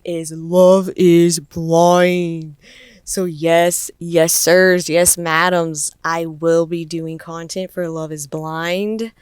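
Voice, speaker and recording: Young woman, podcast host, casual chat, slightly low voice, slow, expressive. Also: smooth, no echo. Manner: chatty and expressive, laughing often. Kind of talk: casual solo podcast commentary.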